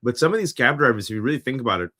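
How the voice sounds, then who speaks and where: A man's voice: mid-range voice, expressive, rapid-fire, sharp tone. A man hosting a casual conversation, reflecting in an easygoing way. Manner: reflective, easygoing, short reactions. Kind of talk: casual chat.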